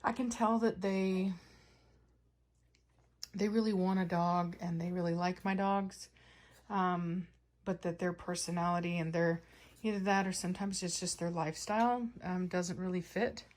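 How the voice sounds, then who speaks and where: Woman, dog breeder vlogging; lowish voice, relaxed and rambling. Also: moderate pace. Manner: chatty, rambling, conversational. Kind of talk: casual vlog talk to viewers.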